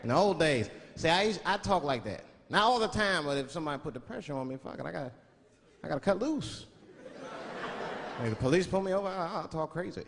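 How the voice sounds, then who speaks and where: Profane, animated male stand-up comic. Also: fairly high pitch, fast talker, gravelly. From Washington, D.C. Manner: animated, profane, switching into voices. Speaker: stand-up comedian. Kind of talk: stand-up comedy. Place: large theater stage. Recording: echoey hall, loud crowd laughter.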